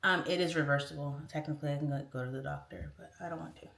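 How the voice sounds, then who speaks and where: A woman's voice: low voice, steady tone, fast talker, gravelly, a bit bright, far from the mic. A woman livestream host from Tacoma, chatting candidly and reading viewer comments from her kitchen, laughing often. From Tacoma, Washington, USA. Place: home kitchen. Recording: roomy echoey kitchen.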